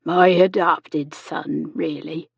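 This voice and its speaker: A woman doing a brisk older nurse. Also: on the low side, slightly rough, dry recording, full character voice. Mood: practical. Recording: dull lo-fi audio.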